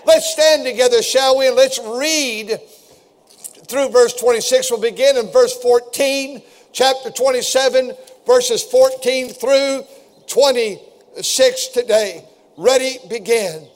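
A man's voice: very high voice, slow pace. A man preaching a fervent sermon and reading scripture aloud to his congregation. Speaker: pastor.

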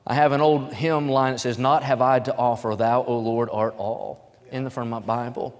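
A man preaching a sermon, switching between plain testimony and loud, emphatic scripture reading. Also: medium pitch, fairly even intonation, normal speed, in a large hall.

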